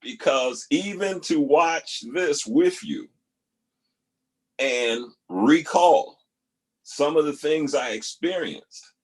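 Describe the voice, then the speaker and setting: A man hosting a talk, pausing video clips to reflect earnestly, repeating key phrases for emphasis. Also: on the high side. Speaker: host reacting to video clips. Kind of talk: reflective spoken commentary.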